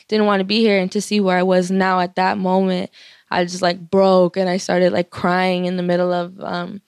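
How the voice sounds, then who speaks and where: A woman's voice: fairly low pitch, completely flat delivery, moderate pace, vocal fry, clear, resonant tone, no echo, studio quality. A young woman rapper in her twenties telling a story casually, full of swearing, fillers and laughter. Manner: loose, profane, many fillers, laughs often.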